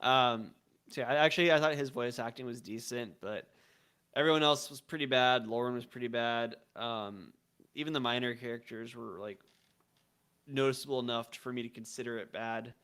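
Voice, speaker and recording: A man's voice: mid-range voice, normal speed, fairly bright tone, smooth. Male podcast co-host, easygoing and giggly, hesitant restarts. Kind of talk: casual chat about a video game.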